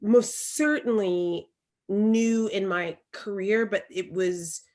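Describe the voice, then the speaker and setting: Animated Southern woman co-hosting a chat. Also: mid-range voice, slow. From Alabama, US. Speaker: podcast co-host. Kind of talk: casual conversation.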